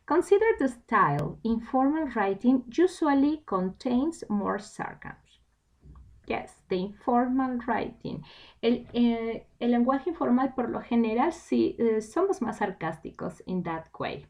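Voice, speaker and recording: A woman's voice: fairly high pitch, big pitch swings, unhurried. A woman teaching an online English class from home, explaining a textbook and switching into Spanish now and then. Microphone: home computer mic.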